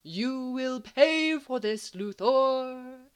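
A maniacally cheery robot teddy bear, as a woman puts him on, chanting threats in a bouncy, sing-song storybook lilt. His voice sits higher than a plain speaking voice and swoops up and down. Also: animated, very slow, clean tone, full character voice.

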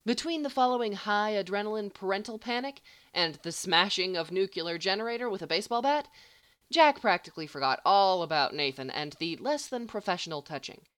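A woman's voice: mid-range voice, lively intonation, fairly quick, fairly bright tone, clear, resonant tone, dry recording. A woman narrating a story aloud, reading expressively. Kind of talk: audiobook-style story reading.

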